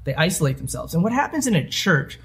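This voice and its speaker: Conversational preaching man, fairly high voice. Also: very animated, fairly bright tone. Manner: conversational preaching with quick asides and acted-out quotes. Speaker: pastor. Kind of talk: sermon.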